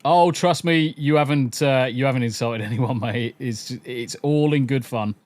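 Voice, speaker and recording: An English podcast host talking in a mixed accent that blends Southern, Northern, Midlands and Essex sounds. He chats loosely, swears casually and repeats himself. His mid-pitched voice sits close and dry on the mic. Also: normal speed, darkish tone, dry recording. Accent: mixed English, part Southern, Northern, Midlands and Essex.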